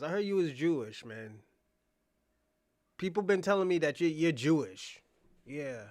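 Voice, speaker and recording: A man with a notably high speaking voice hosts a casual live stream. He talks straight to viewers by name, needling and teasing them in a loud, crude, mocking way. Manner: brash, mocking and profane, addressing chatters by name. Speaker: livestream podcast host.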